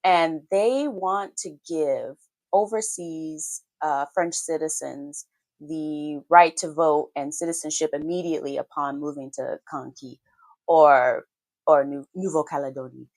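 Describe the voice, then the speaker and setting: A woman's voice: sits low, fairly even intonation, unhurried, a little mellow, no room sound. A woman co-hosting a morning talk show, explaining the news in a wry, conversational way with many fillers. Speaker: co-host. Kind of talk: casual political chat on a morning show.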